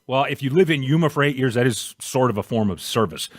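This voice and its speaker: A man in his forties hosting a comedy podcast, telling self-deprecating jokes in a relaxed, chatty way. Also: mid-range voice, fast, dry recording, studio quality. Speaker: podcast host. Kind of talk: casual comedic interview chat.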